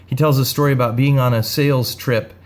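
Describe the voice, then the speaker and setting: A man ministering in a gentle, earnest, unhurried devotional talk with a story. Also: mid-range voice, fairly even intonation.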